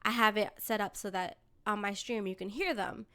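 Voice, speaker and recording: A woman co-hosting a podcast, telling a story in casual chat, animated and swearing freely as she acts out what people said. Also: medium pitch, normal speed, clear, resonant tone. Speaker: podcast co-host and streamer.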